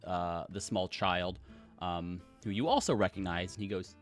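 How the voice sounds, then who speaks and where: A man's voice: deep voice, moderate pace, faint music behind. A man narrating as dungeon master, rambling with many fillers. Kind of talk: narrating a tabletop game.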